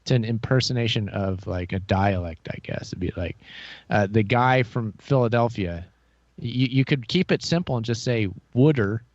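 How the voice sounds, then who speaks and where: A man's voice: on the low side, moderate pace, no room sound. Hesitant man on a muffled line. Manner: hesitant, with fillers and quiet laughs. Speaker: podcast host. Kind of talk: casual chat.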